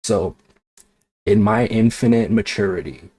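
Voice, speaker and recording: A man's voice: fairly low pitch, a little slow, mellow, breathy edge, no echo. A man streaming as a VTuber, ranting casually with exasperation, swearing and sarcasm. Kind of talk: casual livestream chat.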